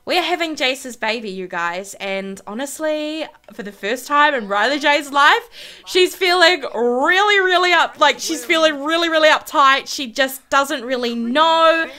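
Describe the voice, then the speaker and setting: A young woman talks over her gameplay as the channel host, chatty and dramatic. Her voice sits a little high and sounds bright and crisp throughout. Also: a little slow. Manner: chatty, dramatic, says "honestly" and "freaking" a lot. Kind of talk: casual let's-play commentary.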